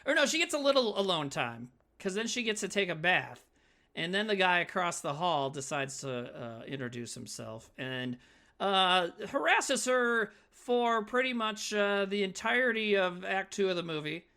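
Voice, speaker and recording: A man's voice: sits high, big pitch swings, moderate pace, bright, forceful tone. A man co-hosting a podcast, rambling casually with lots of fillers and swearing. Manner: rambling, filler-heavy, profane. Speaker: podcast co-host. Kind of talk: casual chat. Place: Midwest.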